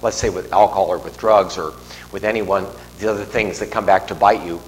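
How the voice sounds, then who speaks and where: Steady in tone and fairly quick, a middle-aged priest's deep voice carries through a large church with long reverb and a faint hum. His homily is casual and meandering, full of restarts and side remarks.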